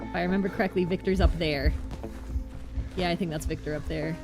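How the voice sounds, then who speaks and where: A woman's voice: fairly low pitch, fairly quick, gravelly. Chatty woman streaming a game. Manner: chatty, excitable, talks to herself. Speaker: streamer playing a video game. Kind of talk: casual game commentary with read-out dialogue. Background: game music.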